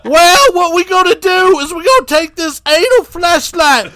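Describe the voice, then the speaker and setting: A man voicing a wild, shouting male serial-killer wrestler in a high, strained voice. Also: moderate pace, no room sound. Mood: hyped. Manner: yelling, high-pitched, strained.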